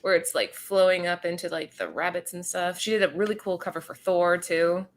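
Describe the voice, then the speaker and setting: A woman's voice: lowish voice, a little fast. A woman co-hosting a live stream, chatting casually and gushing with enthusiasm. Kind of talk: casual chat.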